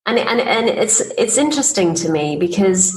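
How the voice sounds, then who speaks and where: Animated and moderately paced, a woman with a medium-pitched, darkish voice comes through a rough recording. She's a podcast guest and business coach who shares personal stories conversationally, acting out what people said and laughing as she goes.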